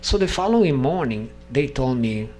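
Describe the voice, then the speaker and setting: A man, not a native English speaker, telling a personal story at a devotional gathering, halting and restarting sentences and acting out the dialogue. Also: mid-range voice. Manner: animated, acts out dialogue in story.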